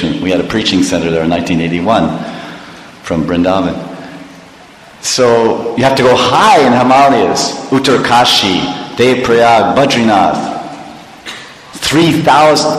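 An older man giving a sermon as a spiritual teacher, ironic and repetitive, with rhetorical questions. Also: medium pitch. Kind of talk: sermon to an audience. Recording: echoey hall reverb.

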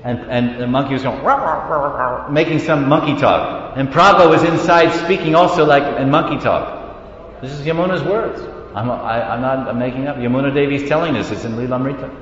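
Man, devotional preacher, animated storyteller, echoey hall, long reverb. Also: mid-range voice, brisk. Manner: animated storytelling, laughs, sings syllables. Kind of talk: devotional class. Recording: roomy hall with long reverb, dull lo-fi sound.

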